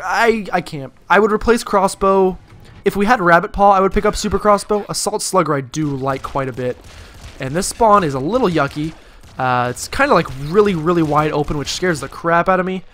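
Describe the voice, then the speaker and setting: A man's voice: high-pitched, normal speed, fairly bright tone. A man giving casual gameplay commentary, rambling and self-deprecating with jokey asides. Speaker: let's play commentator.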